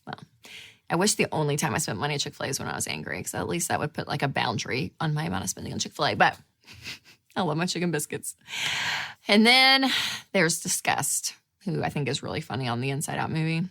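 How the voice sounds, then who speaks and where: Speaking briskly with a creaky voice, a woman in her thirties hosts a show, chatting to camera with lots of energy. She performs inner voices, jumping widely in pitch.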